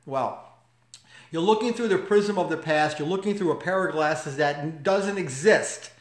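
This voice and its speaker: A man's voice: a little high, unhurried. Emphatic man in an echoey room. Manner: emphatic, conversational, rhetorical questions. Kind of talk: motivational talk with personal story.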